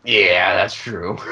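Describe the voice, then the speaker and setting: A man's voice: sits low, bright, forceful tone, husky, lo-fi sound. A man hosting a casual podcast, joking around and laughing often. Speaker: podcast host.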